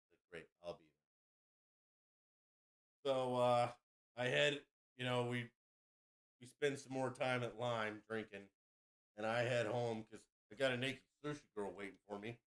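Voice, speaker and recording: A man's voice: medium pitch, fairly even intonation, moderate pace. A man hosting a podcast, telling a rowdy story in a crude, boastful, casual way. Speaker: podcast host.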